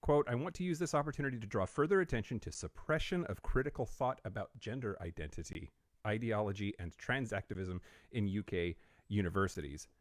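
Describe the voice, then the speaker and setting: A man's voice: on the low side, a little fast, no room sound. A man co-hosting a podcast, reading out news items with wry asides and frequent fillers in a casual studio chat. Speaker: podcast co-host.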